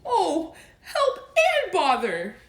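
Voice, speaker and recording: A woman voicing a plump, honey-loving bear, anxious and wistful, in a high, whiny voice. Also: very animated, slow, roomy sound, exaggerated voice.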